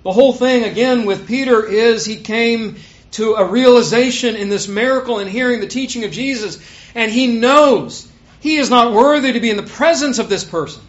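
A man preaching a sermon, swinging between loud, stressed points and quiet asides, on a dull lo-fi recording. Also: very high voice, normal speed.

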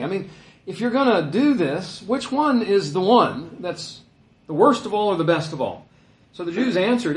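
A man teaching a Bible passage in a relaxed, conversational way, growing animated when he acts out quotes. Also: high-pitched, normal speed, roomy sound. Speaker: pastor.

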